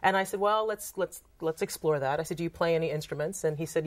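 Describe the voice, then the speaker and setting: A woman's voice: sits low, fast. A woman from Trinidad, a photographer and author, telling anecdotes in an interview and acting out the quoted lines. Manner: animated storyteller, acts out quoted dialogue. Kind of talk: casual interview talk.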